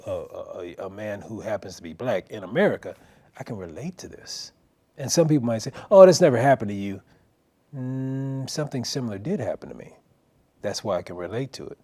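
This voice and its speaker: A middle-aged man telling a story on a local talk show, animated and acting out the quotes. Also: lowish voice.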